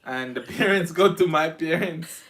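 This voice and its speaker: A young man co-hosting a live stream, telling childhood stories in an animated, laughing way. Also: a little high, unhurried. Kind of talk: casual chat, storytelling. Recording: noisy stream audio.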